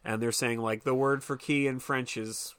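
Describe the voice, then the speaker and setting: Male podcast co-host, casual and animated film recap, mid-pitched, dry studio sound. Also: moderate pace, clear, resonant tone, no echo. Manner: animated, swearing, acts out characters' lines.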